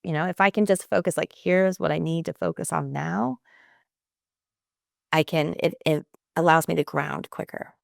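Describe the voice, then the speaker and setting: Female parenting coach guest, gravelly edge, affirming, repeats phrases, dry close mic. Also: low-pitched, normal speed, no echo. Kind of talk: casual conversational podcast chat.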